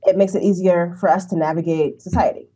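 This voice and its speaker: A woman speaking as an interview guest, talking in an animated way and laughing often. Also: fast talker. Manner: animated, acts out quoted people with big pitch jumps, laughs often. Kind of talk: conversational interview.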